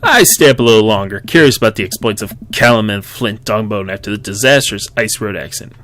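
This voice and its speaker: A man's voice: lowish voice, animated, fast, a bit bright, slight background noise. A man chatting wryly while reading through a dating game, with frequent asides. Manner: chatty, wry asides, laughs often. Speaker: gaming YouTuber. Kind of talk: let's-play commentary and reading.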